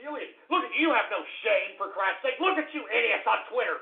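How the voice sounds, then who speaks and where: A man hosting a talk radio show, ranting in a profane, angry manner with shouted outbursts. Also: very high-pitched, animated, brisk, vocal fry, slightly rough. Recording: narrow phone-like lo-fi sound.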